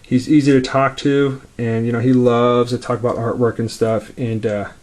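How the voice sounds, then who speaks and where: A man casually showing his collection, rambling along quickly with lots of fillers. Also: medium pitch, level tone, a little mellow. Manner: rambling, laid-back, many fillers; talks quickly. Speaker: comic collector vlogger. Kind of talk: casual show-and-tell.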